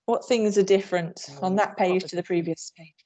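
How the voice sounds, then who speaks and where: Her mid-range, darkish voice keeps a fairly even intonation at normal speed. She is an upbeat PE trainer from England leading a teacher workshop over video call, showing moves as she talks.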